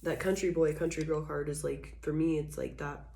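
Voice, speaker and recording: Low-pitched woman, casual blunt tarot reader, keeps coughing, echoey room. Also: steady tone, moderate pace, gravelly, dark tone. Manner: rambling, filler-heavy, blunt and frank. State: coughing repeatedly. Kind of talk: casual channeled tarot reading.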